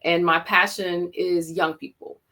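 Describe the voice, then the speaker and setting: A woman's voice: lowish voice, little pitch movement, a little slow, bright, forceful tone. A woman with a Jamaican accent, a teacher telling her story as a podcast guest, reflective with frequent restarts. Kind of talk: podcast interview.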